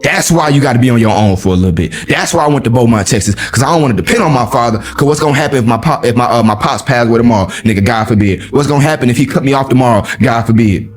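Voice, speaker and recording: A man hosting a podcast, giving a blunt motivational monologue in profane street slang, jumping from high exclaims to low, heavy emphasis. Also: racing, hardly any pauses, faint music behind. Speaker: podcast host.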